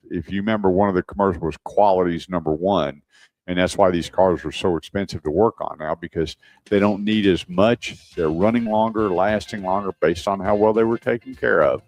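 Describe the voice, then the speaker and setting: A man's voice: low-pitched, no room sound. A man co-hosting a car radio show, telling stories in casual chat and acting out the people he quotes. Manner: animated storyteller, acts out quotes.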